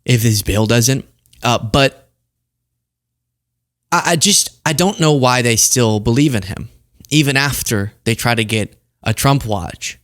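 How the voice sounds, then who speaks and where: A man's voice: mid-range voice, measured pace, long pauses, a bit bright. Sarcastic man hosting political commentary. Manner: sarcastic, conversational. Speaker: host.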